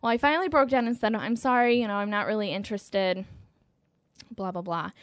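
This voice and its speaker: A woman's voice: mid-range voice, fairly even intonation, a little fast, no echo, clean studio sound. A woman casually telling a dating story on a podcast, often breaking into giggles. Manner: giggly, laughs through her storytelling. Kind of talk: casual chat.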